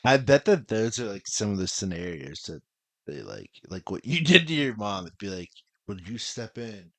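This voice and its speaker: A young man on a podcast with a lively, bouncing pitch, cracking sarcastic jokes in casual back-and-forth. His delivery is loose and teasing. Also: moderate pace. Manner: joking, sarcastic banter. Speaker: podcast co-host. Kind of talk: casual chat.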